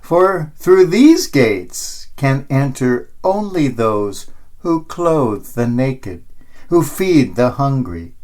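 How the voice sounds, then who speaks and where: A man's voice: mid-range voice, sing-song, extremely slow, a little mellow. A man voicing an old Saint Peter at heaven's gate, stern and dismissive toward a proud pope. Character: old male Saint Peter, calm and unimpressed.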